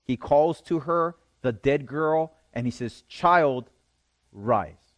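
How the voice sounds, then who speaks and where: Pastor talking with the congregation. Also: male voice, a little high, a little slow, no room sound. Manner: conversational, checks in with the listeners often. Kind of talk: sermon reading and explaining scripture.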